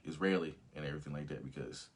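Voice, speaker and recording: A man's voice: rumbling low, quick pace, breathy edge. A man hosting a casual live stream, talking animatedly with lots of swearing and laughter, and reading viewer comments aloud. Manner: animated, profane, laughs often. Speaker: host of a live movie review stream.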